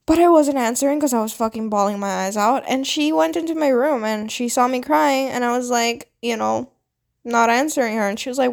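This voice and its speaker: Young woman, fairly high voice, casual storytime vlog, swears a lot, lots of filler words, animated retelling. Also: brisk, creaky. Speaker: vlogger. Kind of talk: storytime monologue.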